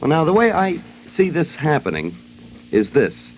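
A man's voice: fairly high pitch, very animated, moderate pace. A man hosting a radio show, delivering a wry, ad-libbed comic monologue on an old lo-fi broadcast. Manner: wry, joking, loose ad-libbing. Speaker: radio host. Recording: dull lo-fi old radio recording with faint hiss.

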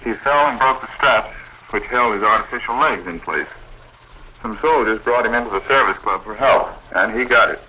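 A man's voice: mid-range voice, moderate pace, sharp tone, a little hiss or hum, poor audio. A man being interviewed about his club on a scripted 1940s radio broadcast, reading his prepared lines steadily and proudly. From United States. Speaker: Red Cross program director.

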